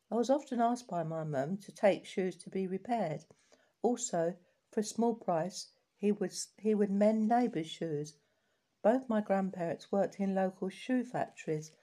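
A woman reading collected life stories aloud in a steady, unhurried way, with small restarts now and then. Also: medium pitch.

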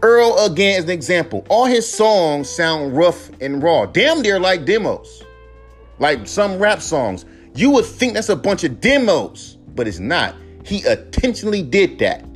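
A man's voice: high-pitched, very animated, measured pace, faint music behind. A young man, a rapper hosting his own podcast, ranting alone with heavy profanity and mocking imitations of his critics. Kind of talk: solo podcast rant.

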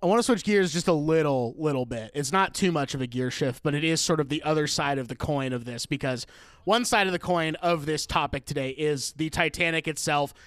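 A young man hosting a casual chat, telling animated stories with laughs and playful voice impressions. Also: a little high, fairly quick, clear, resonant tone, no echo, clean studio sound. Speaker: podcast host.

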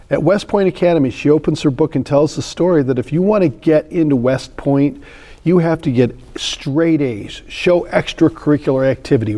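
A man in his fifties, a sales trainer on a podcast, telling stories in an animated way and acting out the voices. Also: on the high side. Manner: animated storyteller, acts out voices. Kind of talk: podcast interview storytelling.

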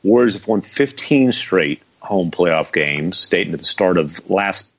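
Male podcast panelist, very deep voice, chatty and jokey, slightly dull sound. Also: animated, measured pace, no echo. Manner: rambling, jokey, lots of fillers. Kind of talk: casual podcast chat. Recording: slightly muffled dry audio.

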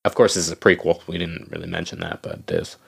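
A man's voice: low-pitched, wildly swooping pitch, quick pace, creaky, breathy edge. A man in casual chat about a video game, laughing often and swearing freely.

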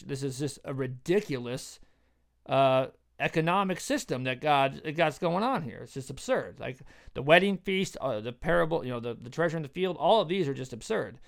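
A man in casual discussion explaining Bible parables, animated and full of fillers, acting out quoted voices as he goes. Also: mid-range voice, gravelly.

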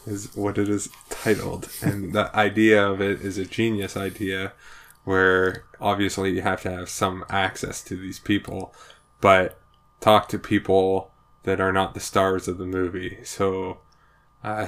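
A man with a low voice co-hosts a podcast. He describes a show he loves in a very flat, even tone. He talks casually and explains things as he goes. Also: a little slow. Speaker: podcast co-host.

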